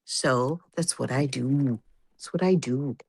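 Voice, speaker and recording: A woman's voice: very deep voice, slow pace, creaky, darkish tone, husky. A woman streamer greeting her viewers in a chatty, self-mocking way during a live stream. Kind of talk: casual livestream chat.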